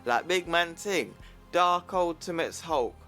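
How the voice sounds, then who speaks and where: A man's voice: fairly high pitch, expressive, slow, pushed and bright, soft background music. A man narrating a comic book story in a casual way, with enthusiastic fan asides. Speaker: comic book recap youtuber.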